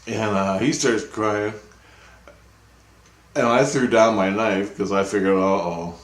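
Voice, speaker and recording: A man with a low voice tells a meandering story of his own, stopping and restarting as he goes. He jumps up in pitch to act out the voices of the people in it. The sound carries a noticeable room echo. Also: fairly even intonation, slow. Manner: acts out quoted dialogue with a raised voice; loose, meandering, with frequent restarts. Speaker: vlogger recounting dreams. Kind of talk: rambling personal storytelling. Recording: roomy, echoey room.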